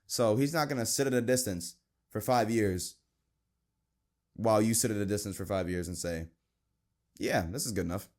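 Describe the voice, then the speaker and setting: A man's voice: moderate pace, long pauses, darkish tone. Earnest young man hosting a faith podcast. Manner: earnest, conversational, quotes scripture, mimics friends in a high voice. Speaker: podcast host. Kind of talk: casual Christian podcast talk.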